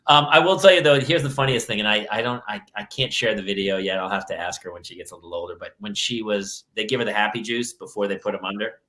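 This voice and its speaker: A man hosting a parenting podcast, telling rambling, excitable stories in casual chat. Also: fairly low pitch, fast, few pauses, reverberant, poor audio. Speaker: podcast host.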